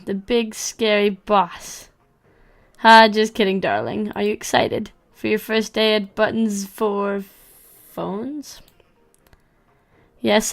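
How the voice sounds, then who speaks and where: A woman's voice: mid-range voice, vocal fry. A woman voicing a playful, teasing woman boss while reading a visual novel aloud.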